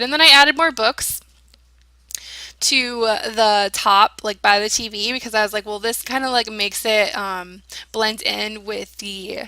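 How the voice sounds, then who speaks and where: A tired young woman talks casually over her game build, rambling and giggly, often laughing at herself. Her voice is bright and a little high. The recording is dry and close. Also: moderate pace, no room sound. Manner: rambling, chatty, giggly, self-deprecating. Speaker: gaming channel host.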